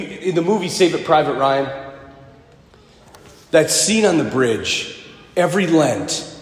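A priest gives a sermon in a church, his voice pitched high for a man and swinging widely as he talks. He speaks in a conversational, humorous way and drives points home by repeating them. The sound is roomy, with a long reverb trailing each phrase. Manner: lively and conversational, with humor and emphatic repetition.

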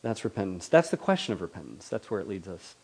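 A man's voice: low voice, sing-song, fast talker, slightly rough. A man preaching a sermon in a conversational, questioning way, often acting out the voices he quotes.

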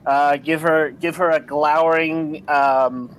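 Hesitant, slightly high male player. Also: fairly even intonation, takes it slowly, fairly bright tone, poor audio. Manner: hesitant, many ums. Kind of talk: describing his character's actions.

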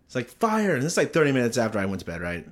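A young man tells a story in a loose, rambling way, swearing freely and breaking into laughter. His voice sits at an ordinary pitch, and the talk is casual. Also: expressive, rapid-fire.

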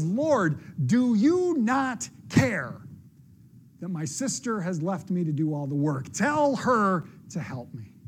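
A man's voice: sits high, a little mellow. A male pastor preaching a sermon in a conversational, explanatory way.

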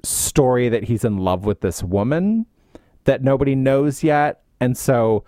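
A man's voice: mid-range voice, unhurried, no room sound, clean studio sound. A man chatting casually about a film, recounting the plot and mimicking the characters as he goes. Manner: expressive storyteller, mimics characters, laughs often.

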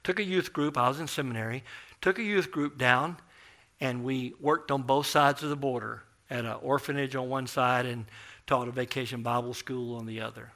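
A man preaches a sermon in a mid-range voice at a moderate pace, animatedly telling a story and acting out its characters.

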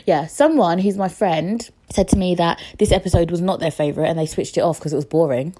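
A woman's voice: fairly low pitch, expressive, a little fast, warm tone. A young woman talks through her solo podcast in a loose, chatty way. She rambles with lots of fillers, swears freely, and mocks herself with a cheeky, emotional edge. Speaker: podcast host. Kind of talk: casual solo podcast chat.

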